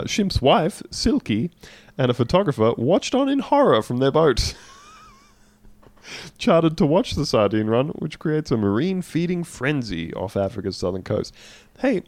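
A man's voice: medium pitch, big pitch swings, normal speed, darkish tone, dry recording. A man co-hosting a casual comedy podcast, reading out news stories with jokey asides. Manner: reads news aloud with jokey asides and laughs.

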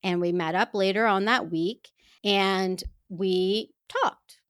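Woman, personal storytelling, earnest, heartfelt, mid-pitched, dry close sound. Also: slow pace, a bit bright, no room sound. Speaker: speaker addressing women listeners.

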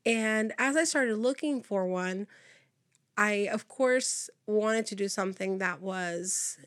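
A woman's voice: medium pitch, slow pace. Chatty woman podcast host. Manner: chatty, laughs often, fillers like um and like. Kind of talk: casual true crime podcast chat.

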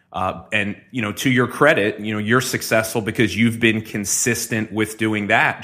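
Bright-voiced podcast host, lowish pitch. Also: male voice. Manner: friendly, rambling questions with restarts. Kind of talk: casual interview.

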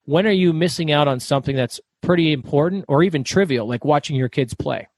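A middle-aged man telling stories as a guest author in an interview, talking fast and loud. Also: fairly high pitch, no room sound. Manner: fast, loud, animated storyteller. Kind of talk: storytelling interview.

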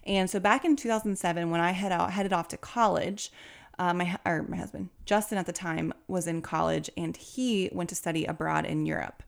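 A woman's voice: fairly low pitch, fairly quick, creaky. A woman in her thirties, a podcast host, telling a personal story to her listeners in a chatty way, laughing often. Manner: chatty, laughing, animated when quoting others.

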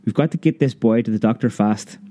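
A man voicing a determined mother who gives firm, brisk orders in a storybook reading. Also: fairly low pitch, dark tone, lightly acted. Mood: commanding. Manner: firm, commanding.

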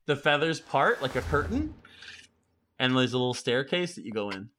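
A man narrating a tabletop game as game master, casual and halting, with frequent restarts. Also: medium pitch, big pitch swings, a bit bright, a little hiss or hum.

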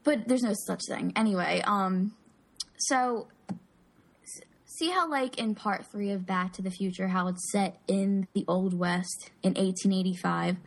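A woman's voice: medium pitch, a little slow, vocal fry. Chatty woman rambling about movies. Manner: rambling, filler-heavy storytelling. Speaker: podcast co-host. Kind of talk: casual chat.

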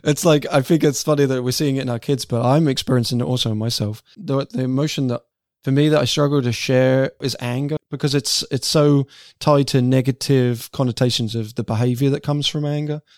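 A man's voice: medium pitch, steady tone, brisk, darkish tone, no echo, clean studio sound. A man co-hosting a podcast, speaking candidly and with self-deprecating humor in a casual conversation.

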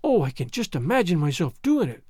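A man's voice: fairly high pitch, big pitch swings, brisk, darkish tone, breathy edge, dry recording, clean studio sound. A man reading an audiobook, voicing a talkative orphan girl of about eleven who wonders eagerly at everything. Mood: dreamy.

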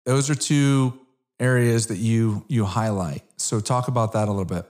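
A man's voice: mid-range voice, steady tone, normal speed, a little mellow. A man hosting a casual interview, friendly, with enthusiastic reactions. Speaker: host.

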